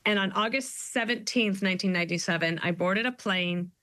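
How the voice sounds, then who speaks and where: A woman's voice: medium pitch, brisk, sharp tone, dry recording. A woman guest author talking in a casual interview, chatty and upbeat, telling stories with playful quoted voices.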